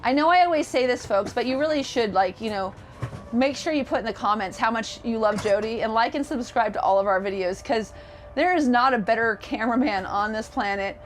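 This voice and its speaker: A fairly high-voiced woman gives a casual, enthusiastic walkthrough from inside a motorhome. She talks in a loose, chatty way, full of little fillers and asides. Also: brisk, a little hiss or hum. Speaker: RV sales presenter.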